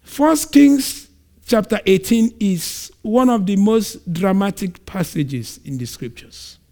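High-voiced man preaching animatedly. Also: takes it slowly. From Nigeria. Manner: animated storytelling, acts out scenes. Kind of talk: sermon.

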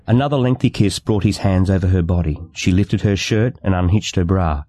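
A man narrating a novel excerpt in a measured, even storytelling manner. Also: low-pitched, no room sound. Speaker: audiobook narrator. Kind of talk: scripted narration.

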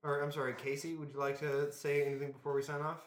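Excitable male podcast host, slightly high, casual and profane, recorded in an echoey room. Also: fast. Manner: excitable, swears freely. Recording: roomy echo.

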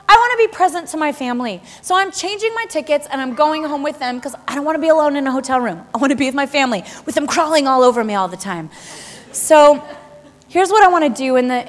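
Woman preacher with a high voice, delivering an animated, laughing sermon in a big echoing hall. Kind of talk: sermon to a live congregation. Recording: long hall reverb.

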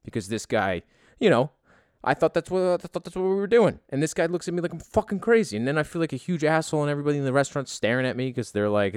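A man's voice: medium pitch, expressive, fast, clear, resonant tone, dry recording, clean studio sound. A man telling a rambling travel story in a profane, self-deprecating, casual way.

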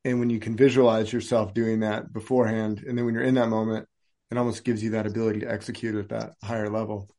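A man hosting a podcast, talking casually and sharing his own experience in a relaxed way. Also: on the low side, quick pace. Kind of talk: casual conversation.

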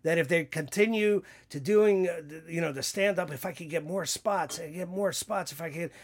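A man's voice: on the high side, normal speed. A man hosting a podcast in casual chat, rambling with many restarts. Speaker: podcast host.

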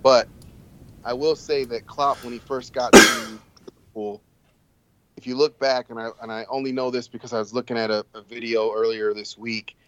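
A man co-hosting a casual football podcast, giving calm, reasoned takes on the team. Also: medium pitch, moderate pace, slight background noise. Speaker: podcast co-host. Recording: slightly dull, lo-fi sound.

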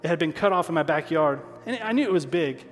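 A pastor preaching a sermon, emotional at times, repeating key phrases for emphasis. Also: male voice, fairly high pitch, expressive, fast talker, faint music behind. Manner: emotional, stops to apologize and regroup. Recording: long hall reverb.

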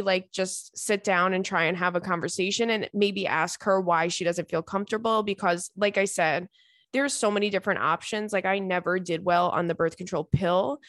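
A woman's voice: fairly low pitch, fairly bright tone, dry recording, clean studio sound. A young woman hosting a podcast, chatting casually and rambling through listener messages with lots of fillers. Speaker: podcast host.

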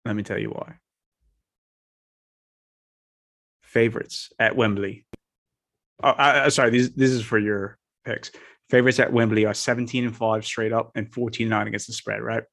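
A man's voice: on the low side, steady tone, brisk, gravelly, a bit bright. A man putting on a jokey British accent while giving a sports betting pick. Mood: mock-British.

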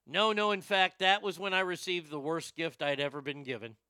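A man telling profane, rambling personal stories to a live chat, animated and quick to joke. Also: fairly high pitch, smooth, no echo, studio quality. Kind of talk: storytelling stream chat.

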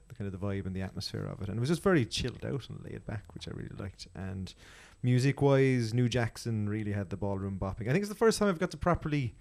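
A man's voice: fairly low pitch, gravelly, darkish tone. An Irish man chatting casually on a podcast, enthusiastically reviewing a festival with many restarts. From Ireland.

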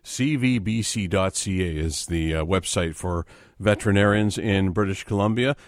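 A man's voice: low-pitched, normal speed, dry recording. A man hosting a radio call-in show from a studio mic, polite and a little apologetic. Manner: polite, apologetic, reads phone numbers. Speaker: radio host. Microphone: studio microphone.

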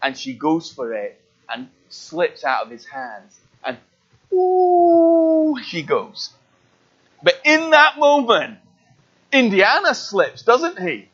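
A man preaching a sermon, telling a story in an animated way and acting out its scenes. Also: a little high, takes it slowly, husky, dull audio. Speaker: pastor.

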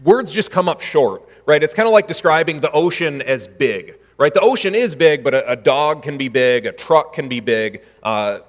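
A man's voice: fairly high pitch, lively intonation, moderate pace, few pauses, in a large hall. A man preaching a sermon in a conversational way, with frequent fillers and restarts. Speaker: pastor.

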